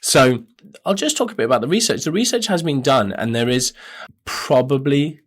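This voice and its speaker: A man's voice: medium pitch, animated, normal speed. A man hosting a podcast, talking in a rambling, self-correcting casual monologue. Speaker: podcast host.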